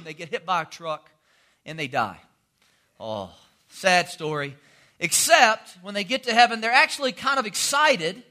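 A man's voice: sits high, pushed and bright. A man, preaching a sermon as a pastor in a folksy, joking storytelling way. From North Carolina. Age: 40s.

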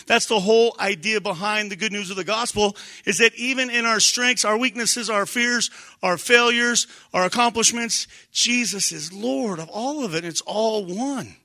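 A middle-aged male pastor preaching a sermon in a conversational, animated way, now and then shouting for emphasis. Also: sits high.

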